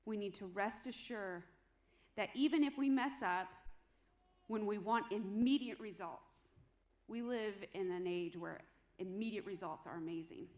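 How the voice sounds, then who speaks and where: A woman's voice: mid-range voice, normal speed. A woman preaching a sermon in a conversational, humorous storytelling way.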